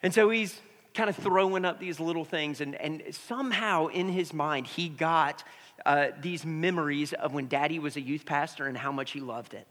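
A man leads a sermon as pastor, speaking in a fairly high voice. His words carry with a long reverberant tail through a church sanctuary. He moves from prayer into a family story for the congregation. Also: moderate pace, fairly bright tone. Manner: prays then tells a family story.

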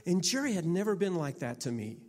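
Halting man telling a story, reverberant hall. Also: high voice, very animated, a little mellow. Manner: halting, repeats his starts. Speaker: minister and teacher. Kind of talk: personal story in a sermon.

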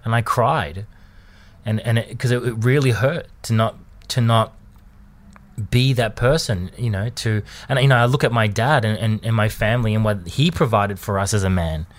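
A man, talking candidly in a personal monologue, hesitant, often restarting and repeating words, with soft laughs. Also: fairly low pitch, normal speed. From Australia. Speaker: vlogger.

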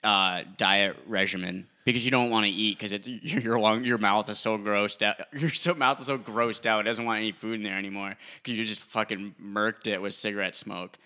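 A man's voice: lowish voice, steady tone, moderate pace, hardly any pauses, bright, forceful tone, smooth. A young man co-hosting a casual podcast, rambling through half-finished sentences and laughing often. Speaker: podcast co-host. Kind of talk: casual crude podcast banter.

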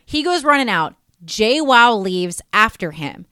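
A woman's voice: fairly high pitch, very animated, unhurried, pushed and bright, clear, resonant tone, no room sound, studio quality. A woman co-hosting a podcast, recapping a reality show in casual, crude, giggly chat. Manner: crude, giggly, retells scenes with quoted voices. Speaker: podcast co-host.

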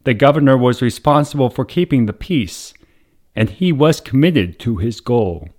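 A man, a priest hosting the show, reading a wholesome story aloud in a measured, dramatic storytelling voice. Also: mid-range voice, lively intonation. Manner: measured, dramatic storytelling with raised voice for quoted shouts. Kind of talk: scripted story narration.

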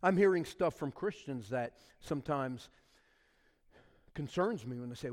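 A man's voice: fairly high pitch, animated, moderate pace, a little mellow. A male pastor preaching a sermon in a church, leaning on key words and drawing them out for emphasis. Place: church sanctuary with congregation. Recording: long reverb of a church hall.

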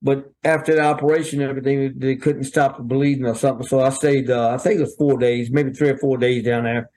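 A man's voice: mid-range voice, fast talker. An older man, a guest telling folksy, rambling stories and acting out what others said. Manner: animated, rambling, acts out quoted voices. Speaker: guest, veteran wrestling referee. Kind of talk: folksy storytelling.

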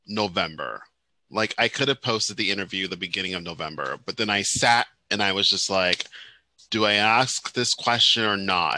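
A man co-hosting a casual chat, emphatic, often repeating himself, sometimes dropping into quiet explanation. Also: lowish voice, dry recording. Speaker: podcast co-host.

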